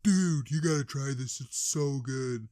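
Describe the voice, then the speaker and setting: A man voicing a mischievous teenage boy goofing off and complaining loudly, in an animated story. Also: mid-range voice, a little slow, no room sound, studio quality, natural voice. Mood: cheeky goofing. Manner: goofy, mock-complaining. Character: cheeky teen boy, goofy and loud.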